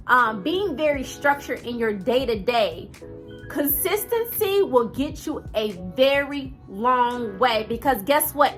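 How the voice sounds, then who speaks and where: Bright, high-voiced woman in her thirties. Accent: twang. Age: 30s. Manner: earnest, direct, conversational with fillers. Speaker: vlogger. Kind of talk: motivational talk to camera.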